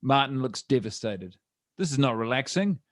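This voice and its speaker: A man's voice: medium pitch, expressive, normal speed, no echo. Dry-sounding New Zealand man narrating. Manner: wry asides, laughs at own script. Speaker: narrator of a comedy script reading. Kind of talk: reading stage directions aloud.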